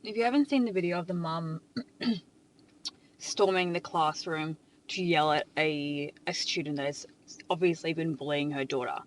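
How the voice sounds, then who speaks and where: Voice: mid-range voice, fairly bright tone, low-quality recording. A commentator giving a blunt, emphatic opinion, with swearing.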